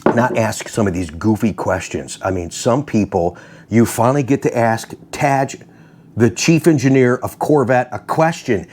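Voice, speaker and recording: A man hosting a car channel, telling a story to his viewers in a casual, animated way, acting out quotes and laughing often. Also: mid-range voice, unhurried, a little hiss or hum. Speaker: host of a car video channel.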